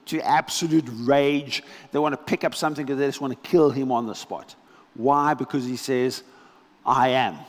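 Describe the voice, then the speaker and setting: A male pastor delivers a sermon with lively, dramatic storytelling, pausing for weight on key lines. His voice sits somewhat high for a man. The sound carries a long reverb tail from a church hall. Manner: animated storytelling, dramatic pauses.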